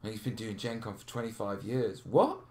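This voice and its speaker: A man's voice: lowish voice, animated, moderate pace, darkish tone. A man hosting a live question stream, chatting casually, laughing and reading out viewer comments. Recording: roomy echo.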